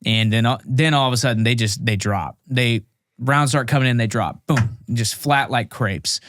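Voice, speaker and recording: Telling a war story on a podcast, a former Marine in his thirties keeps it casual and animated, poking fun at himself and performing the other people's lines. He talks at a moderate pace in a mid-range voice, recorded at studio quality with no echo.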